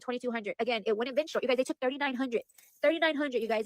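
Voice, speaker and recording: A young female vlogger talks fast to her viewers in a slightly high voice, sounding worried and upset. She rambles, repeats the same points, and leans heavily on "like" and "you guys." The recording is close and dry, with no echo.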